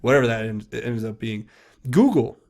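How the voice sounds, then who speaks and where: Casting: man, solo commentary host, rambling and emphatic, mid pitch. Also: normal speed. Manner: casual, rambling, emphatic, with frequent fillers and restarts. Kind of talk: solo commentary reading posts aloud.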